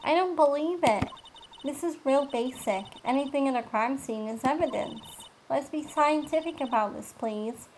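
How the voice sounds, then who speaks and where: A woman's voice: high-pitched, moderate pace, darkish tone, slight background noise, voice pushed up, lightly acted, poor audio. A woman voicing an eager young female assistant who speaks in a chirpy, insistent way.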